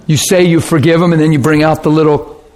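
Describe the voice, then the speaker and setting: A man pastor giving an informal teaching talk, telling stories in an animated way and laughing often. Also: a little high, fast.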